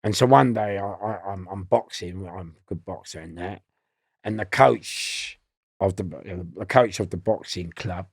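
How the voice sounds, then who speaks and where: A man with a London accent, a podcast guest telling stories in an animated way and acting out the voices of the people in them. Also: sits low, measured pace, breathy edge, dry recording, clean studio sound. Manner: animated storyteller who acts out voices and laughs often. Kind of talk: storytelling in a podcast interview.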